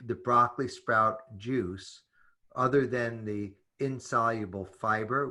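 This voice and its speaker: Low-voiced man asking rambling questions. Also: bright, forceful tone. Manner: curious, asks long winding questions. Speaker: interviewer host. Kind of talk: conversational interview.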